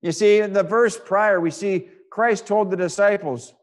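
Male preacher, sermon, scripture reading, rhetorical questions, repeats lines, slightly high voice. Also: measured pace. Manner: rhetorical questions and repeated phrases, swinging between loud and hushed.

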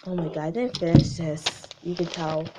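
A young woman with a lowish voice reads aloud, at normal speed, a story she wrote as a child, tripping over words and adding her own remarks. There is background noise in the recording.

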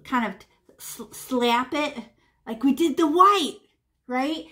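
A woman leading a painting lesson for children, chatty and animated, narrating her brushstrokes with sound effects and sing-song noises. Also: a little high, a little slow. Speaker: art teacher.

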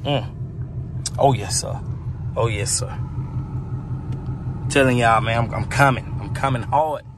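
A man filming a casual car vlog outdoors, excited and a little out of breath, often repeating himself. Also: medium pitch, measured pace, long pauses. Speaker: car vlogger. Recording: noisy outdoor camera audio. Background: loud car engine and street noise.

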